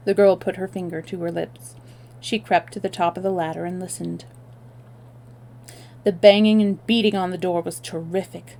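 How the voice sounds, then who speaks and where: A woman storyteller reading a novel aloud on a livestream, expressive, with small self-corrections. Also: on the low side, moderate pace, creaky, long pauses.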